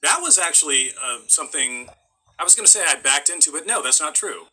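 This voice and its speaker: Husky-voiced man, lively storyteller. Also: fairly high pitch, a little fast, poor audio. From California. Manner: animated storyteller, slips into impressions. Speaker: voice actor guest. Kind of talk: casual interview chat.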